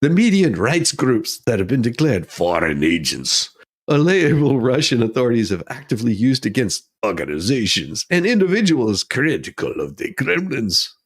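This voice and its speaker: A man's voice: medium pitch, big pitch swings, normal speed, breathy edge. A man hosting a comedic news commentary, reading headlines and riffing with frequent giggles. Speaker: host.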